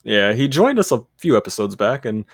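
A man's voice: medium pitch, very animated, fairly quick. A man co-hosting a casual podcast, tossing out dry, teasing quips over a call. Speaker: podcast co-host.

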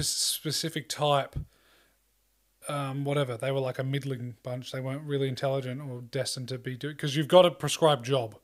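A man talking casually in a rambling way, full of fillers and swearing, acting out quoted lines. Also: mid-range voice. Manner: acts out quoted lines in a loose voice. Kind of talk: casual chat.

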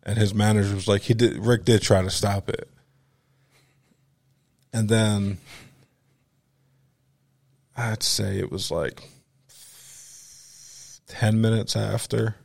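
A man's voice: on the low side, takes it slowly, vocal fry, pauses often, no room sound. Philly guy telling a story on a podcast, doing everyone's voices, dry close mic. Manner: animated, acts out other people's lines with profanity and laughter. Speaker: podcast host. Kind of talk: casual storytelling chat.

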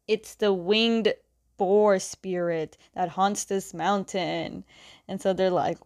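A woman's voice: mid-range voice, steady tone, takes it slowly, darkish tone. A young woman casually retelling a comic's plot, chatty, with fillers and giggles. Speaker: comic recap host.

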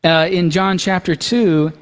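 A male pastor with a notably high voice preaches a conversational sermon, often turning to his listeners with quick check-ins. His voice rings out with a long reverb through a church sanctuary. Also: steady tone, clean tone. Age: young adult to middle-aged, has young kids. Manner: conversational, asks the congregation "right?" and "okay?".

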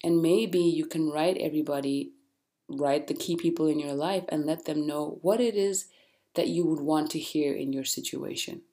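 A woman hosting a podcast, talking straight to listeners with blunt, animated, faith-based encouragement. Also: deep voice, normal speed. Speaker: podcast host. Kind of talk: casual motivational monologue.

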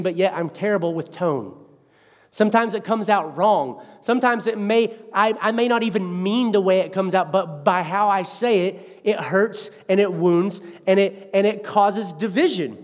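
A man in his thirties preaching a sermon as pastor, animated and conversational, with self-mocking asides. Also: high voice, moderate pace, long reverb tail.

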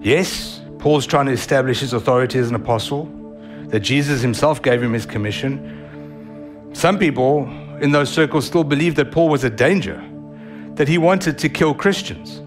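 A man with a South African accent preaching a sermon as pastor, animated and vivid in delivery. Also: medium pitch, normal speed, music in the background. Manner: animated, acts out voices of others.

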